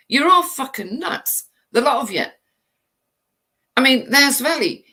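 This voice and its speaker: A woman's voice: sits high, huge pitch swings, moderate pace, sharp tone, slightly rough. An English woman hosting her channel, delivering an angry, swear-filled rant full of rhetorical questions. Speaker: channel host. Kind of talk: livestream rant.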